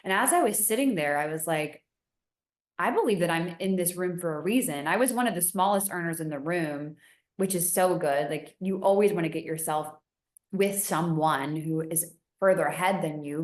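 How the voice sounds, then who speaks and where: Woman, young adult, podcast guest, chatty, animated, lots of fillers, echoey room. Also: lowish voice. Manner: chatty and animated, many fillers, voice rising when excited. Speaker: podcast guest, business founder. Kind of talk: casual interview storytelling. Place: home in Costa Rica.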